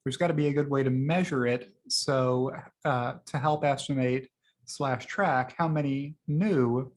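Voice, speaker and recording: A man's voice: medium pitch, steady tone, a little slow. A man casually talking through the tweets he liked that week, chatty and rambling, with frequent fillers. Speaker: host reviewing liked tweets. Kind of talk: casual screen-share commentary.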